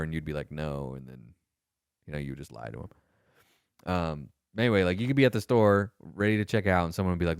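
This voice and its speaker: Deep-voiced man telling casual stories. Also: fairly quick, clean tone, dry recording, clean studio sound. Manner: swearing, animated, acts out quoted voices. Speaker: podcast co-host, former Marine. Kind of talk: casual storytelling chat.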